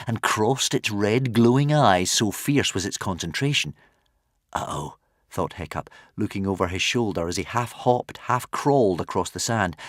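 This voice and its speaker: Animated male storybook narrator. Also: sits low, no echo, studio quality. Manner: animated, dramatic, playful asides. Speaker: audiobook narrator.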